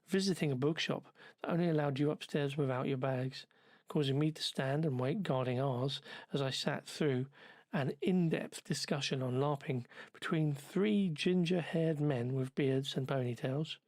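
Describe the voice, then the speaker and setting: A man narrates a travelogue with dry, sardonic, wordy commentary while recovering from covid. His voice sits a little high for a man, and the recording is tight and dry with no room sound. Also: normal speed, a little mellow, no room sound. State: ill with covid. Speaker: travel vlogger.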